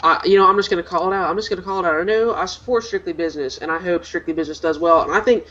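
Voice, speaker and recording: A man co-hosting a casual gaming podcast, talking in a rambling, opinionated way full of restarts. His voice sits a bit high. The sound is dull and lo-fi. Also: racing, bright, forceful tone. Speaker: podcast co-host.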